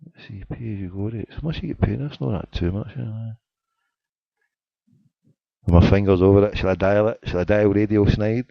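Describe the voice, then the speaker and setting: A man's voice: on the low side, normal speed, gravelly, pauses often, no echo. A man hosting a casual live internet radio show, joking in mock indignation while reading a chat. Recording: dry, dull lo-fi internet radio sound.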